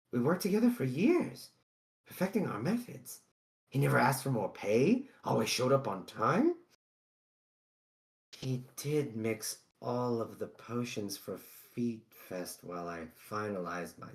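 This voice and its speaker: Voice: mid-range voice, big pitch swings, unhurried, gravelly, a bit bright, pitched above the performer's own voice, exaggerated voice. A game master putting on a fussy, theatrical potion-seller. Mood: betrayed. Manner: grand, exclaiming, calls others "my dear boy". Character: theatrical male potion-shop owner, fussy and dramatic.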